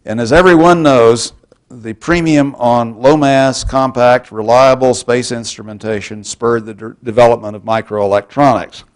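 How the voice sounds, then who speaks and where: A man's voice: mid-range voice, fairly even intonation, moderate pace. Wry Texan lecturer, a man. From Texas. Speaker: university lecturer. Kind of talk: public lecture.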